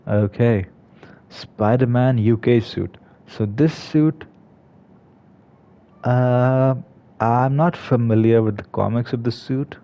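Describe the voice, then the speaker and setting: Speaking slowly with long pauses, this man has a warm, medium-pitched voice. He's a gaming video creator commenting casually on a game, hesitating often and restarting amid many fillers. The audio is lo-fi and a bit dull.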